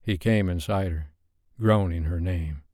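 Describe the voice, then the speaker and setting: Male audiobook narrator, deep, measured delivery, dry studio sound. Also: a little mellow, dry recording.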